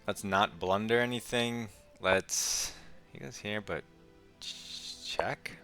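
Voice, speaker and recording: Brief: young man, very low bright voice, casual muttered game commentary, light music behind. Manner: quick, muttering play-by-play with wry asides. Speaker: chess streamer.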